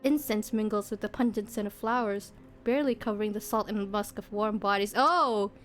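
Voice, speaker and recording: A woman's voice: mid-range voice, normal speed. Giggly woman streamer reading a game aloud. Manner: giggly, breaks off into laughter. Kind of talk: reading a visual novel aloud, casual chat. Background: faint game music.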